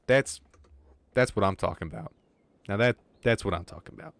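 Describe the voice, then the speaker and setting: A man with a lowish, creaky, slightly bright voice talks a little fast, with no room sound. Streaming a game live, this gaming streamer chats casually with viewers, rambling and joking, swearing freely, and breathing with some wheeze.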